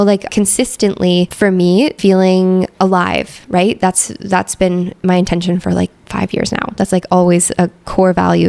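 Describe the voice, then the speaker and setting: A young woman coaching her listeners through a casual guided reflection, with a gravelly fry under her mid-pitched voice. She talks loosely and warmly, tossing in lots of "like" and "right?" along the way. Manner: chatty, many "like" and "right?" fillers. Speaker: podcast host and coach.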